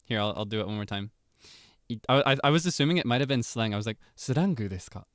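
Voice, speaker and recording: A man streaming casually, talking in animated, rambling asides and laughing often. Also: mid-range voice, rapid-fire, clear, resonant tone, no room sound, clean studio sound.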